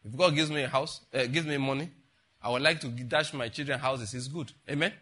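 A man's voice: mid-range voice, brisk, sharp tone, husky. An older man, a pastor giving a chatty, rambling sermon full of rhetorical questions to the congregation. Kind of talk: conversational sermon.

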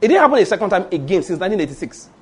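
Speaking rapid-fire, a middle-aged Yoruba-accented pastor from Nigeria delivers his sermon with big swings in pitch, his fairly high voice a little mellow with a breathy edge. He brings his stories to life, performs the dialogue, and poses rhetorical questions to his listeners.

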